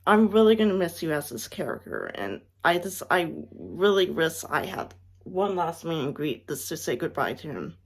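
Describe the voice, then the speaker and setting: A woman's voice: low-pitched, big pitch swings, breathy edge. A young woman giving an emotional farewell message, close to tears, sighing and restarting her sentences often. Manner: halting, tearful, many restarts and sighs. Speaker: fan vlogger.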